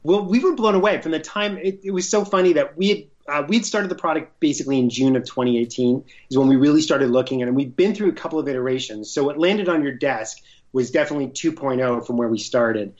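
A man, an entrepreneur being interviewed, telling an excited, rambling story in casual chat. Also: fairly high pitch, fast talker. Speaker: entrepreneur, guest. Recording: muffled lo-fi sound.

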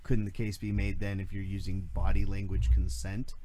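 A man's voice: low-pitched, flat delivery, moderate pace, mellow, a little hiss or hum. A man co-hosting a casual talk show, asking pointed questions and teasing. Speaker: podcast co-host. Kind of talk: casual banter.

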